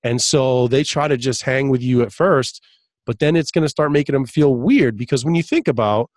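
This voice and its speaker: A man's voice: mid-range voice, animated, moderate pace, a little mellow, no room sound. A man in a casual podcast conversation, telling a long story full of restarts and fillers, laughing now and then. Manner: laughs while telling stories.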